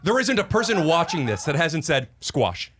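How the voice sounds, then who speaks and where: A man's voice: fairly high pitch, very animated, brisk, noisy background. A man guesting on a comedy podcast in casual chat, teasing the others with mock-earnest speeches.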